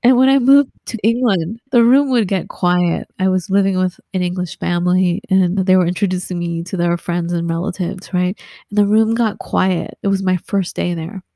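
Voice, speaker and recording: A woman with a Southern Californian accent talks casually and with animation, sprinkling "like" through her stories. Her voice is mellow and warm. The recording is dry and close, with no room sound. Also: fairly low pitch, normal speed, gravelly, dry recording. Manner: chatty, animated storyteller with frequent "like" and laughs. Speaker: guest. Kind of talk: casual conversation.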